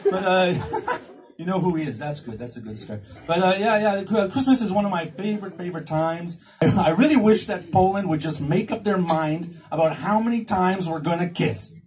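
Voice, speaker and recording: A man's voice: sits high, expressive, moderate pace. A male stand-up comedian performing live in a cinema, rambling and self-mocking, with stammering restarts. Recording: far from the mic, loud crowd laughter.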